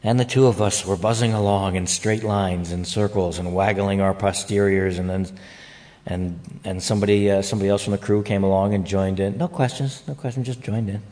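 A man's voice: lowish voice, steady tone, brisk, darkish tone. Congested man hosting a podcast. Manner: jokey, rambling asides. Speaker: podcast host. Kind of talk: casual chat.

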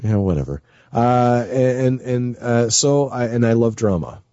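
A man's voice: medium pitch, lively intonation, unhurried, dark tone, dry recording, highs cut off. A man chatting as a guest on a radio show, nervous and rambling with many fillers and restarts. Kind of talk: casual chat.

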